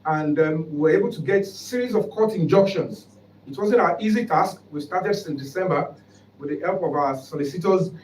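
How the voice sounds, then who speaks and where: A man's voice: high voice, a little mellow. A man with a Nigerian English accent, a human rights foundation spokesman giving an emphatic, formal press conference statement. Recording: roomy hall, distant mic, faint background noise.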